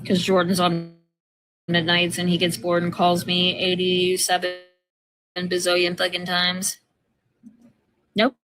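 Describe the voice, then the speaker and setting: A middle-aged woman rambles bluntly through a casual livestream chat, swearing at every turn. Her voice sits a little low yet sounds bright. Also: monotone, unhurried, long pauses. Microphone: home computer mic on a video call.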